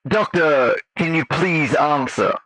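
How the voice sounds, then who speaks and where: A man voicing a male agent who runs a post-incident interview with calm, procedural questions. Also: fairly high pitch, slow pace, no room sound, rough recording. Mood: interrogating.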